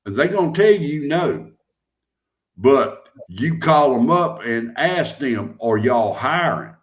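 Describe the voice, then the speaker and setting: A man's voice: mid-range voice, sing-song, echoey room. A man with a Southern accent who hosts a casual chat and talks bluntly, often laughing. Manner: slow drawl, laughing, blunt.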